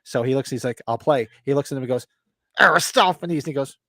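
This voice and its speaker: Male co-host, middle pitch, lively raconteur who mimics lines, dry close mic. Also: rapid-fire, no room sound. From New Jersey. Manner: animated storyteller, acts out quotes. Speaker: co-host of a live movie watch-along. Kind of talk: casual chat.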